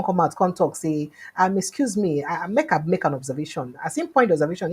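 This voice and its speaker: A woman with a Nigerian accent hosting an online news show, telling the news in pidgin and acting out quoted lines loudly. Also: low-pitched, breathy edge.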